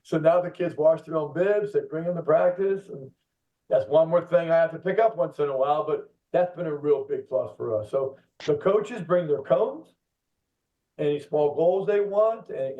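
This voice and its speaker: A man's voice: on the high side, normal speed, echoey room. A middle-aged man who directs coaching at a youth soccer club, chatting casually on a podcast and acting out kids and parents with laughs as he tells stories. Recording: tinny phone-line sound, distant from the mic.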